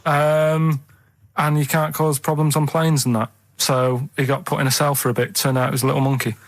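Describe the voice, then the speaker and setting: A man on a radio chat show, telling rambling stories in a deadpan way. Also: fairly high pitch, fairly quick, no echo. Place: radio studio.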